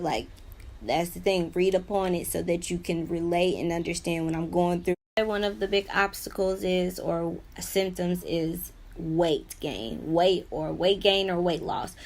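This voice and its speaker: A young woman with a lowish, darkish voice speaks unhurriedly in an unscripted personal vlog about her own illness. She rambles earnestly about her life, her talk full of "you know" and "like."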